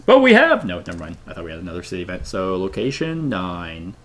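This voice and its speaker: A man playing a story board game with friends, reading the story aloud and thinking out loud with fillers. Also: sits low, lively intonation, quick pace. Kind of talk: casual tabletop game chat.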